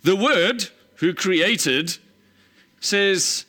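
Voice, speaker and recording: Male pastor, bright ringing voice, slightly high, emphatic, animated storyteller. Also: measured pace. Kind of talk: sermon.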